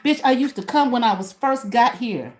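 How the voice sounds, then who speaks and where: A woman's voice: fairly high pitch, animated, normal speed, faint music behind. A woman hosting her own small channel, ranting at someone in a profane, confrontational way and putting questions to herself. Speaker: channel host. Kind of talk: ranting to camera.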